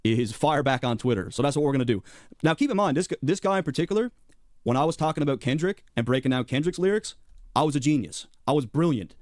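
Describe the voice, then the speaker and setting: A man's voice: a little high, lively intonation, fast, dry recording, studio quality. A man ranting sarcastically and with profanity in a played clip. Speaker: YouTube commentator. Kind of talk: mocking rant in a played clip.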